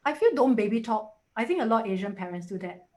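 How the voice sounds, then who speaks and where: Chatty Singaporean woman, animated. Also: fairly high pitch, fast talker. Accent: Singaporean English. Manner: chatty, animated, with quoted voices. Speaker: guest. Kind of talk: casual webinar conversation.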